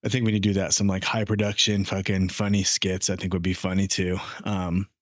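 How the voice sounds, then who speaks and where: Man, podcast co-host, casual joking chat, fairly low voice, dry close sound. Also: fairly quick, no room sound. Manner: joking, animated, loose.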